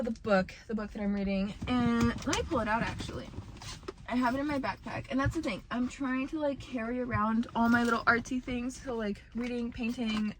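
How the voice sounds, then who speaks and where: A young woman vlogging from a parked car, chatting casually in a rambling, self-deprecating way with lots of fillers. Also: a little high. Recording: loud car and traffic noise.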